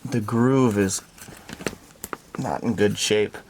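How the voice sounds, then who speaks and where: A man's voice: lowish voice, background noise. A man casually commenting on his work while restoring a vintage camper, talking to himself as he goes, at times out of breath. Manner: unhurried, talks to himself while working. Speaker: DIY restoration vlogger. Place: inside a hot vintage camper.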